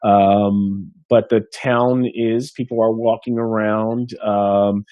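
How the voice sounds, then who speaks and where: A man's voice: on the low side, little pitch movement, slow, no room sound, narrow, tinny audio. A man narrating as game master of a tabletop game, rambling with many restarts.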